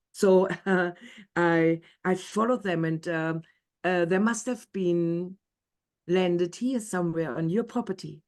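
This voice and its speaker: A woman storyteller voicing a stern young woman who tracks birds, talking in an urgent, scolding way. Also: fairly low pitch. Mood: apologetic.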